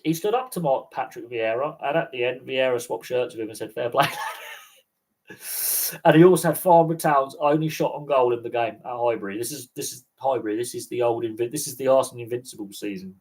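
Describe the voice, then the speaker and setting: Chatting casually on his livestream, a sports channel host spins rambling stories, laughing a lot along the way. His voice is mid-range, brisk and darkish in tone, though the audio is poor.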